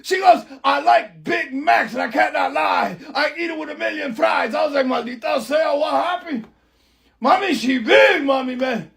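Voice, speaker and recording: A frantic middle-aged Bronx driver rants and shouts down the phone about his wrecked car, voiced by a man in a comedy skit, mixing in Spanish. The voice sits very high and gravelly, pushed to a yell. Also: moderate pace, full character voice. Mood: ranting. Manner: shouting, ranting into a phone, slips into Spanish words.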